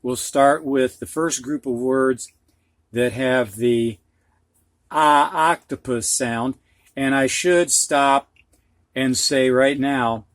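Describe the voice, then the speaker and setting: A man's voice: mid-range voice, fairly even intonation, takes it slowly, no room sound. A middle-aged man with a Midwestern accent teaching a phonics lesson, patient and repeating each word twice. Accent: Midwestern US (Ohio, Michigan). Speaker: reading teacher.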